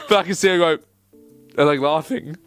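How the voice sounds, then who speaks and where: A young man vlogging with his best friend, talking casually, laughing a lot and saying "like" often. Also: a little high. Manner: animated, laughing, heavy use of "like". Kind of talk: casual chat.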